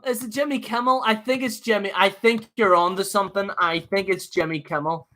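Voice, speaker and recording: A man's voice: high voice, steady tone, brisk, hardly any pauses, pushed and bright. A man hosting his own livestream, rambling in a fired-up, jokey rant. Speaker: livestream host.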